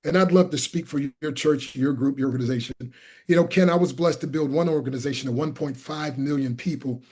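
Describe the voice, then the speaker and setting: A man's voice: a little fast, breathy edge. A man from Pennsylvania, a motivational speaker and evangelist, telling stories as an interview guest and acting out the people he quotes. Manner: animated, acts out quoted people with big pitch jumps. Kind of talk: storytelling in an interview.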